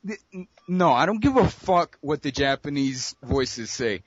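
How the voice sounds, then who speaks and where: A man's voice: on the high side, expressive, unhurried, breathy edge, muffled recording. A young man in casual chat with friends about games, brash, profane and opinionated. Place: abroad in Costa Rica.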